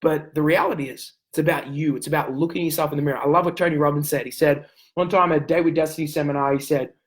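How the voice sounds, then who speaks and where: A man giving a motivational sales coaching talk, intense and emphatic, hammering points home with repeated phrases and sometimes pushing his voice near a yell. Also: a little high, fairly even intonation, fast, poor audio. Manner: raises voice to near yelling at times.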